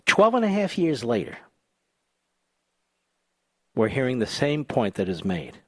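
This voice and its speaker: A man hosting a talk radio show, delivering a combative, sarcastic monologue that swings between loud outbursts and low asides. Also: huge pitch swings, measured pace, no room sound.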